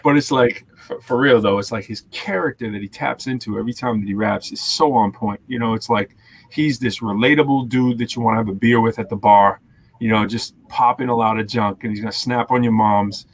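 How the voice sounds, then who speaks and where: A man in casual chat, talking in an animated, rambling way and filling his speech with "you know what I'm saying". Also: medium pitch, fairly quick, slight background noise. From Massachusetts.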